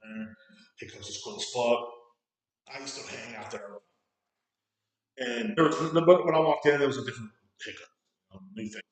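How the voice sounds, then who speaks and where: A man's voice: medium pitch, expressive, normal speed, pauses often. A man hosting a podcast, telling a rambling, profane story and acting out the people in it. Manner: profane, rambling anecdote with acted quotes. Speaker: podcast host. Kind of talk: casual storytelling. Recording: very echoey room.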